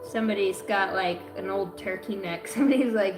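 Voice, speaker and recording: A woman's voice: medium pitch, a little fast, echoey room, music in the background, low-quality recording. A woman giving a zodiac card reading on a livestream, cursing a lot and rambling from joke to joke. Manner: profane, rambling and jokey. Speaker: astrology card reader.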